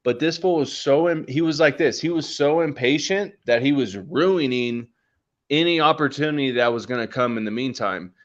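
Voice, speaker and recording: A man's voice: mid-range voice, moderate pace, lo-fi sound. A man casually telling a long story on a podcast, rambling and swearing with lots of fillers. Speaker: podcast co-host.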